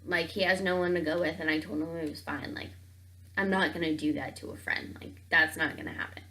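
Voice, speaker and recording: A woman's voice: low-pitched, a little fast, slight background noise. A young woman telling a dating story on her vlog, saying "like" constantly and acting out both sides of the conversation. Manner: animated, says "like" constantly, acts out both sides of the talk. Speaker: vlogger.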